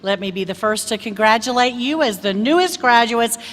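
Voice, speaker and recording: A woman university president conferring degrees in a measured, formal manner. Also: fairly high pitch, expressive, a bit bright. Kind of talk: formal ceremonial declaration. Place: large hall. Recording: echoey large hall.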